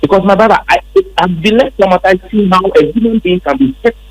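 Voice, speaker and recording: Ghanaian guy, kinda high voice, husky, retelling what happened really emphatic. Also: expressive, fairly quick, low-quality recording. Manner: emphatic, repetitive storytelling. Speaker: member of parliament. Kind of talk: recounting events in an interview.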